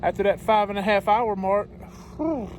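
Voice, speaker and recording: A man's voice: high-pitched, little pitch movement, normal speed, a little hiss or hum. A man talking casually to his phone camera as a truck-driving vlogger, chatty and exasperated, laughing often. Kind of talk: casual vlog rant. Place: truck cab and loading dock.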